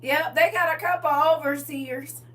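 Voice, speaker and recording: A woman hosting a livestream in casual chat, laughing often, repeating "listen," and moving into gentle spiritual advice. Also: high voice, fairly even intonation, unhurried. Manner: laughs often, repeats "listen" and "I'm trying to tell you". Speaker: livestream host. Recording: distant mic with faint hum.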